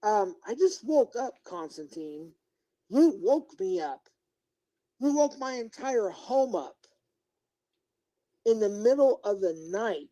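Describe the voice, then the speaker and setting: A streamer rants at one person on a live broadcast, talking straight to them and ignoring the chat. The voice is warm and mellow, neither high nor low, but the manner is confrontational: questions come again and again, and the lecturing turns to pleading. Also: lively intonation, slow, rough recording. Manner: confrontational, scolding, repeats questions. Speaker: livestreamer. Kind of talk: livestream rant addressed to one person.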